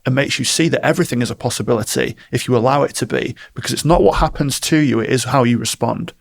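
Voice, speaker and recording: Male coach, gravelly voice, mid-pitched, animated storyteller for a casual interview. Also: quick pace. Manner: animated storytelling, acts out quotes. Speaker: guest, performance coach.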